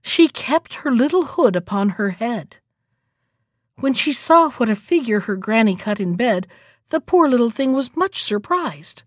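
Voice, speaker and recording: Expressive woman reading a fairy tale. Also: on the high side, a little slow, dry recording, studio quality. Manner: expressive, dramatic storytelling. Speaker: storyteller. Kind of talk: storybook reading.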